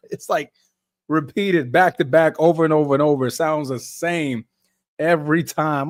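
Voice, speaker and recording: A man's voice: fairly high pitch, moderate pace, no room sound, studio quality. A young man hosting a live basketball watch-along podcast, chatting casually in slang and laughing often. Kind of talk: casual live game reaction.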